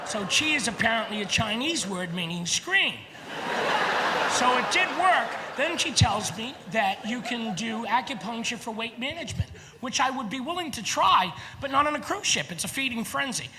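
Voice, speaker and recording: High-voiced man doing stand-up in a big hall. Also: moderate pace, noisy background. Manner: animated, shouting punchlines and acting out characters. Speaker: stand-up comedian. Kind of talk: stand-up comedy routine. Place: large theater stage. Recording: live theater with audience laughter.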